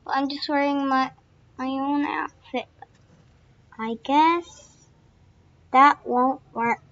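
Woman, young, high-pitched, very slow talk, excitable game commentary, dull lo-fi sound. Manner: excitable, squeals and gasps, many fillers. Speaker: gaming channel host. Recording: dull lo-fi recording.

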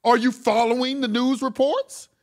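A man's voice: very high-pitched, fairly even intonation, moderate pace. A male talk show host delivering a heated, profane monologue, repeating words and restarting his sentences as he gets worked up.

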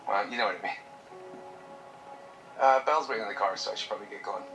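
An actor playing a struggling father who reassures his daughter warmly and jokes with her, in a web drama over background music. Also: on the low side, quick pace, low-quality recording. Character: caring, broke young father, gentle and jokey. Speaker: struggling single dad.

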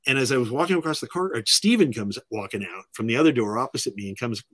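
Animated bright-voiced storyteller man. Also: mid-range voice, quick pace, no echo. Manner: acts out other people's lines in lively voices. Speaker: filmmaker guest.

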